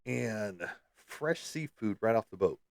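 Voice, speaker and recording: A man's voice: fairly low pitch, animated, slow pace, creaky, a little mellow, no echo, studio quality. A middle-aged man from the United States chatting casually as a podcast host, rambling with many ums and uhs. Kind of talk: casual chat.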